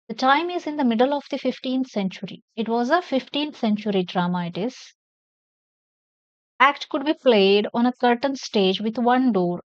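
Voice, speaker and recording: A woman's voice: fairly high pitch, no echo. A woman, teaching a class: she explains a play line by line in simple words and spells out names. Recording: dull lo-fi sound.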